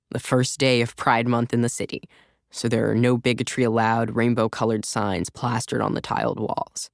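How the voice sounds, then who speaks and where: A male narrator reads a first-person story in a wry, conversational way, with a gravelly edge to a voice of ordinary pitch. The studio sound is dry and close, with no room around it. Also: no room sound. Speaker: audiobook narrator. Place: recording studio.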